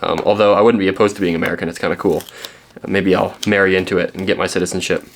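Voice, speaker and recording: A young Canadian man with a low, level voice talks very fast as he shows off books he found, over a little hiss or hum. The book vlogger rambles and puts himself down, with many ums and restarts.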